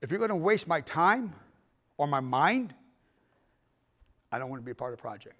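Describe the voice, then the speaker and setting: Animated man telling film-business stories. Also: a little high, normal speed. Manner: animated storytelling with acted quotes, swears. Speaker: filmmaker giving a talk. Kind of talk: festival workshop talk. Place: arts center auditorium.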